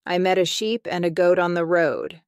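A woman's voice: on the low side, normal speed, clear, resonant tone, no echo, studio quality, close to an everyday voice. A woman reading as a proud fierce lion. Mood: sheepish.

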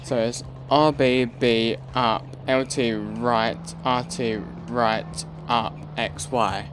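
A young man talking his way through a let's play in an unhurried, drawn-out way, his pitch sitting in a middle range. He rambles, then breaks into sudden excitable yelps and repeated pleas. Faint game sounds hum behind him. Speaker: gaming channel host.

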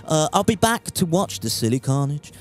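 A man's voice: fairly high pitch, sing-song, normal speed, faint music behind. A young man streaming a survival game live, rambling and joking, swearing casually and greeting viewers from chat.

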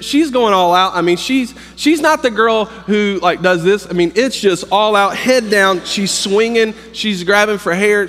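A pastor in his thirties tells jokes and family stories from the stage, his somewhat high voice breaking up with ums and restarts. Each phrase trails into a long hall reverb. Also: fairly bright tone. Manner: joking, storytelling, halting with fillers. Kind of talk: humorous preaching. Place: campus worship hall.

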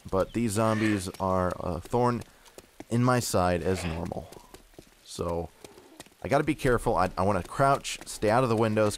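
A man's voice: lowish voice, slight background noise. A young man giving casual, joking play-by-play of his own gameplay, poking fun at himself. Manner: joking, self-mocking play-by-play. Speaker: gameplay commentator. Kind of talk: casual game commentary.

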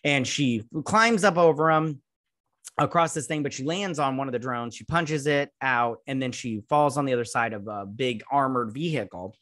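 Casual reviewer, male, mid pitch, dry close sound; rambling, sarcastic, filler-heavy episode recap. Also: moderate pace, fairly bright tone, dry recording. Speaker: show reviewer.

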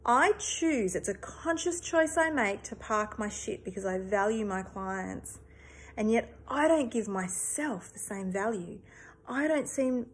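A woman's voice: a little high, slight background noise. A woman in her thirties, a therapist, talking earnestly and emphatically in a personal reflective monologue, swearing casually.

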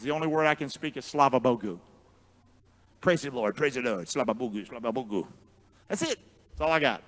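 A man preaching a sermon as pastor, drawing the congregation into call-and-response and swinging from booming shouts to quiet asides. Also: big-room sound. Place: church sanctuary.

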